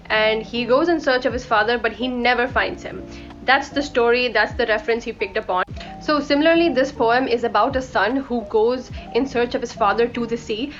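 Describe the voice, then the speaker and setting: A woman's voice: on the high side, a bit bright. A young woman from India talking casually about books she read, rambling and correcting herself as she goes. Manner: chatty, rambling, corrects herself mid-sentence. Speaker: book vlogger. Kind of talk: casual book review chat. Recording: dull lo-fi audio with faint background music.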